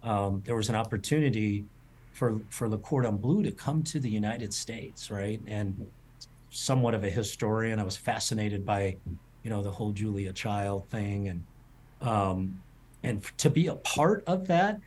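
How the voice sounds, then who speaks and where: Middle-aged man, fairly low voice, casual rambling interview guest. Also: moderate pace, slight background noise. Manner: rambling, repeats words, warm storytelling. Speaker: culinary school president, guest.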